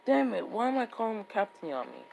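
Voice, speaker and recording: A woman's voice: mid-range voice, very animated, quick pace, gravelly, noisy background. A woman voicing an earnest young boy training as a swordsman, eager and easily startled. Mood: surprised.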